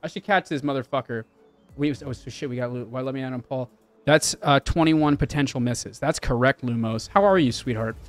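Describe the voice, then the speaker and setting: A man's voice: mid-range voice, fairly quick, soft background music. A young man chatting casually and swearing while he streams a game and talks to his chat. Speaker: livestreamer. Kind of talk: casual live game commentary.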